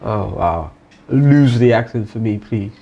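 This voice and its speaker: Casting: exasperated boss type, man, lively pitch, music bed. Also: measured pace, lo-fi sound. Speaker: interviewer in comedy skit. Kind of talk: comedy skit acting. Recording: music under the voice.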